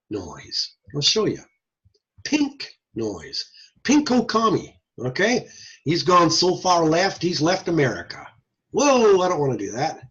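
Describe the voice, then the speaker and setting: Male lecturer, husky, lively and questioning, somewhat high voice, lo-fi classroom tape. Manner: lively, talks to students with questions. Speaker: audiology lecturer.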